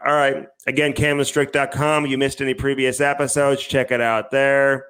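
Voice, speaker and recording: A man's voice: mid-range voice, little pitch movement, normal speed, hardly any pauses, fairly bright tone, smooth. Laid-back man reading podcast ads. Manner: laid-back, chuckling through ad reads. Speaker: podcast co-host. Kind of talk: casual chat and sponsor reads.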